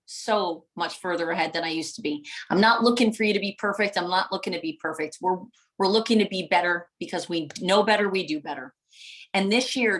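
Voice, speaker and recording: A woman's voice: mid-range voice, fairly bright tone, poor audio. A middle-aged woman giving a live motivational talk to viewers, passionate and preacher-like, driving points home with emphatic repetition. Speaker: motivational speaker and coach.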